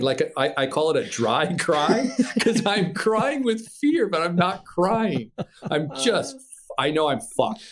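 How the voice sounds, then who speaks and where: A man from Minnesota tells his story as a podcast guest, with a mid-pitched voice. His delivery is lively and casual, full of swearing, with laughs breaking into the scary parts. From Minnesota, USA. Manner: animated, swears freely, laughs through tense moments. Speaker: podcast guest, paraglider pilot.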